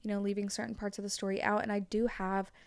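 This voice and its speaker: A woman's voice: mid-range voice, little pitch movement, no echo. A young woman talking frankly as a guest in a casual chat, her speech full of "like" fillers. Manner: frank, fast-flowing, heavy use of "like".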